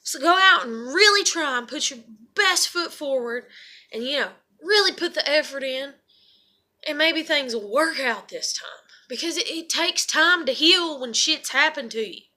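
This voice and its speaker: High bright-voiced woman, ranting and swearing. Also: expressive, normal speed. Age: adult parent. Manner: profane, ranting, repetitive. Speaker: vlogger. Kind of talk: emotional venting monologue.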